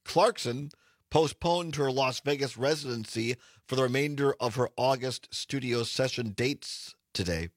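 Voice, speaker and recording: A male radio talk show host with a hoarse, raspy voice, talking in a casual, halting way with frequent restarts. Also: medium pitch, no room sound, studio quality.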